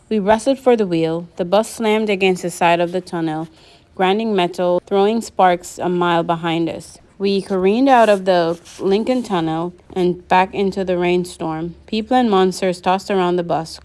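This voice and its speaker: A woman narrating a novel aloud in a lively audiobook reading, voicing the characters. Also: fairly low pitch, moderate pace.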